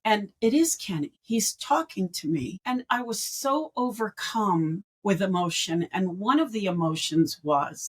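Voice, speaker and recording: Husky-voiced woman telling her story. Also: mid-range voice, a little slow, hardly any pauses, poor audio. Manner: animated storyteller who acts out quoted speech. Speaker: guest, end-of-life doula and grief educator. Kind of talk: personal storytelling in a podcast interview.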